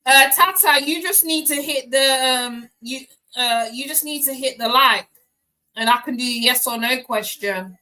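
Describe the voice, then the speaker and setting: A chatty woman talks straight to her live viewers in loose, slangy banter. Her voice sits a bit high and sounds bright and forward. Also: measured pace, low-quality recording. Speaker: tarot reader hosting a live stream. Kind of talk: casual live-stream chat.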